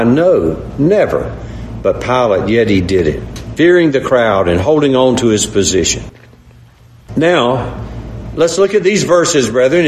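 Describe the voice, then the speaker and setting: A man's voice: medium pitch, echoey room, a little hiss or hum. A man preaching a sermon, earnest and repetitive, often calling his listeners brethren. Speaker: pastor.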